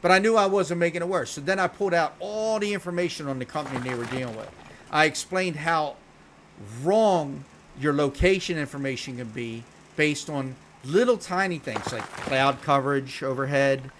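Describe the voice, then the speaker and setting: A man casually telling a long story while streaming a game, talking bluntly and swearing freely in an animated, unfiltered way. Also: fairly high pitch, normal speed, slight background noise.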